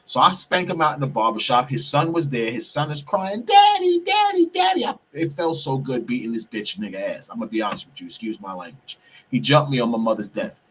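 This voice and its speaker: Male podcast host, husky tone, a bit off-mic, profane storyteller who keeps saying "people". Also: medium pitch, fast, fairly bright tone. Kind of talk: heated storytelling monologue. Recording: distant mic, husky sound.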